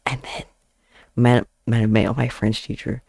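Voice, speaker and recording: A young man, an artist streamer, chats casually on his channel while drawing, telling a rambling story punctuated by frequent giggles. His medium-pitched voice is flat, a little mellow, slightly rough, and marked by vocal fry, at a moderate pace. Faint background music plays, with no room sound.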